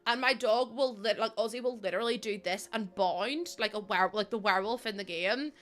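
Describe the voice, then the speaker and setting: A woman's voice: medium pitch, fairly quick, a bit bright. A woman chatting casually on a stream, laughing often and answering her chat.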